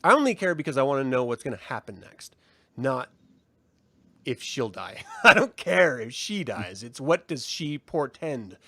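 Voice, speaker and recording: A man co-hosting a casual review podcast, talking in an animated way, swearing and mocking in impressions. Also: mid-range voice, moderate pace, no room sound. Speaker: podcast co-host.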